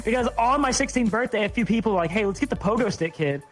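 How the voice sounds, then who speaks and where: A man with a high voice tells a rowdy, profane story in loose podcast chat, laughing as he goes. Music plays steadily behind him. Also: lively intonation, quick pace. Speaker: podcast host telling a story.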